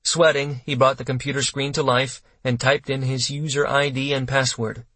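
A man reading an audiobook in steady, measured scripted narration, close to the mic. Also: mid-range voice, no echo.

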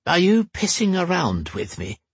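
A gruff, grumbling old cobbler, raised a few notes higher than the husky storyteller who voices him. The voice stays rough and breathy, recorded dry and close, like an audiobook character snapping at a customer. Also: male voice, huge pitch swings, measured pace, no room sound, exaggerated voice. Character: cranky grey-haired old male cobbler.

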